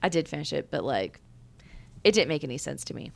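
A woman's voice: low-pitched, fairly quick, creaky. A woman co-hosting a book podcast, ranting in casual chat full of "like" and swearing. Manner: animated, profane ranting with lots of "like". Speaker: podcast co-host reviewing a book.

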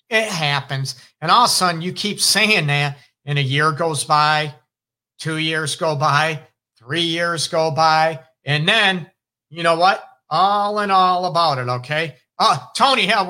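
A middle-aged man with a Detroit accent hosts a casual advice show on relationships. His voice is bright and lively, swinging up into sudden loud exclamations. He talks in an emphatic, animated way. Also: fairly high pitch. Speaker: relationship counselor and show host.

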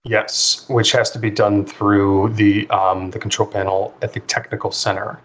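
A man narrating a tabletop role-playing game as game master, in a relaxed way with many fillers. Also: fairly low pitch, normal speed, slight background noise. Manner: relaxed, filler-heavy narration with frequent ums and likes.

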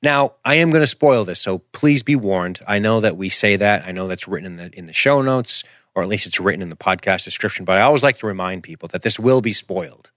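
A man hosting a podcast, reviewing a film in an animated, rambling, jokey casual chat. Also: fairly low pitch, fast, no echo, clean studio sound. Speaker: podcast host.

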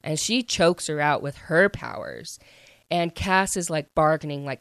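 Woman recapping a story to camera, lots of like and um, kinda low voice, dry sound. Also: normal speed, a bit bright, clean tone, no room sound. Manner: chatty, filler-heavy with frequent "like" and "um". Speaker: book recap vlogger. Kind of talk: casual plot retelling.

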